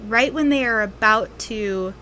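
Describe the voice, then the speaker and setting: A woman game master narrating a tabletop role-playing game, telling the story unhurriedly with frequent ums and pauses. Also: a little high, pushed and bright, a little hiss or hum.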